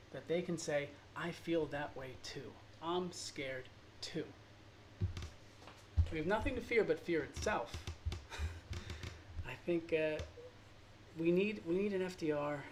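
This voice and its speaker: An earnest male art teacher talks his way through a drawing lesson, rambling and getting emotional as he goes. His voice sits a little high for a man. Faint noise hums behind him. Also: a little mellow. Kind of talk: informal drawing lesson monologue.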